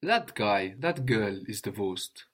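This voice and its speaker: A man teaching a language lesson, patiently drilling words, repeating a learner's answers slowly and praising them. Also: lowish voice, lively intonation, a bit bright.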